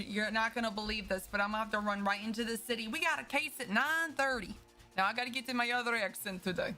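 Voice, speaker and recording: A woman's voice: medium pitch, sharp tone. A woman streaming a game, chatting casually and upbeat with her viewers at a desk mic. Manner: chatty and upbeat, quick bursts with laughs.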